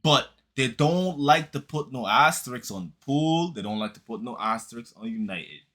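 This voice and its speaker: A man's voice: mid-range voice, expressive, moderate pace, fairly bright tone. A man giving a heated, mocking football reaction commentary, using street slang and repeating lines for emphasis.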